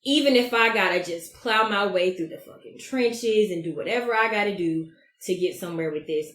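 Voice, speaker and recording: A woman, hosting her own podcast in a brash, profane, animated way. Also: mid-range voice, roomy sound. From Georgia, US. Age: 30s. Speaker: podcast host. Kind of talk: casual solo podcast monologue.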